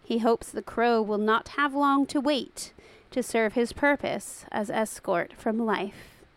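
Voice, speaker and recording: Woman host, somewhat high pitch, playful and giggly, casual music talk. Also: slow. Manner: playful, laughs often. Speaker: podcast host.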